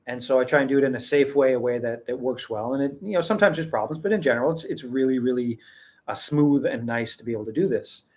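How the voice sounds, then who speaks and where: A man talks loosely to his viewers as host of his own tea channel, drifting through his thoughts. He restarts sentences often and chuckles now and then. His voice sits at an ordinary middle pitch. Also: fast, darkish tone. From Western. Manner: rambling, many restarts, chuckles. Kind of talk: casual talk to camera.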